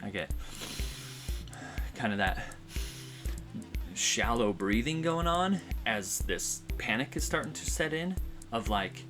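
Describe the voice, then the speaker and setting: A man's voice: medium pitch, lively intonation, a little slow, long pauses. Heartfelt, rambling man over music. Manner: rambling, heartfelt, many fillers and restarts. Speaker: vlogger. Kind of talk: personal storytelling vlog. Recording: music playing behind.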